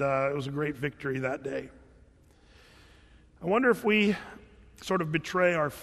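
A man teaching from the Bible in a casual, conversational sermon style, animated and acting out the people he quotes. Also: a little high, long reverb tail.

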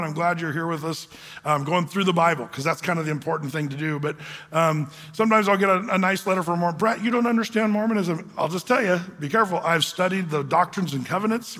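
A pastor teaching a sermon in a loose, joking, conversational way, full of fillers and asides. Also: male voice, high voice, fairly bright tone. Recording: echoey hall.

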